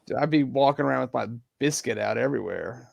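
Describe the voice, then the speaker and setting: A man's voice: medium pitch, quick pace, vocal fry, muffled recording, a little hiss or hum. A man co-hosting a casual sports chat, joking and swearing. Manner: laughs often, joking and profane. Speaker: podcast co-host.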